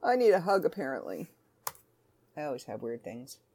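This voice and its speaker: A woman's voice: a bass voice, huge pitch swings, normal speed, dark tone, slight background noise. A woman hosting a casual solo podcast from home, chatting in a rambling, self-interrupting way. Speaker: podcast host.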